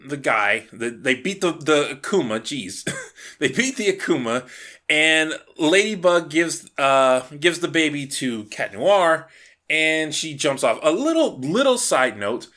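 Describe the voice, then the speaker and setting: A man's voice: fairly high pitch, bright, forceful tone. A man giving a casual, rambling episode recap, often correcting himself and laughing as he goes. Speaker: show reviewer.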